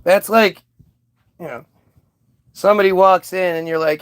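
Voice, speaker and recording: A man's voice: high voice, a little slow, smooth, dry recording. A man ranting in casual commentary, sarcastic and profane, mocking people as he reacts to clips.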